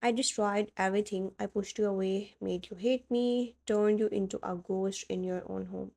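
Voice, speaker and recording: A woman voicing a cold young husband who is now broken and remorseful, speaking low. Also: fairly even intonation, normal speed, creaky, mellow.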